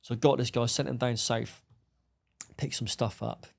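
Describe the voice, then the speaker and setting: A man's voice: mid-range voice, level tone, normal speed, gravelly. A middle-aged man, bluntly telling his story as a podcast guest and acting out the dialogue. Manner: blunt, swearing, acts out dialogue. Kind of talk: storytelling interview.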